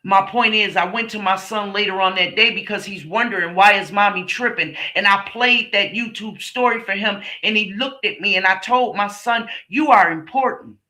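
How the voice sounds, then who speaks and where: Woman, middle-aged, stream host, casual monologue, blunt, profane, emphatic, sharp bright tone. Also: medium pitch, normal speed, hardly any pauses.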